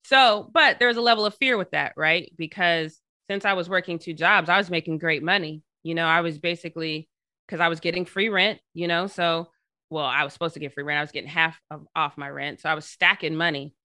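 A woman journalist telling stories in a casual interview, animated and acting out the people she quotes. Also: fairly low pitch, fairly quick, no echo. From Colorado. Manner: animated, acts out quoted people in her story. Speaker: journalist guest.

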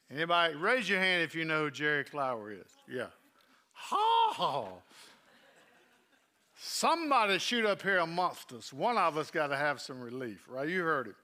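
A male preacher giving a sermon, telling a personal story in an earnest way and dropping soft at tender moments. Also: on the high side. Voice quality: earnest, drops soft when emotional.

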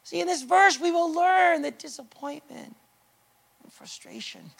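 A man preaching a sermon, swinging from loud emphatic lines to hushed, almost whispered drops as he acts out the voices of hurting people. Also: very high voice, a little slow, vocal fry. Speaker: pastor.

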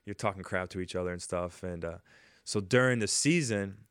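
A man in his forties, a former ballplayer, telling stories casually in an interview and loudly acting out the lines he quotes. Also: deep voice, brisk, clean tone, no room sound, studio quality. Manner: animated storyteller, acts out quotes loudly. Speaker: former baseball player, guest.

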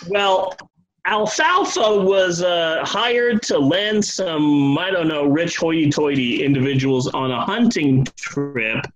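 Lively high-voiced man telling a story. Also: takes it slowly, muffled recording. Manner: loose, profane, acts out characters' voices. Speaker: podcast host telling a history story. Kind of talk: casual comedic storytelling.

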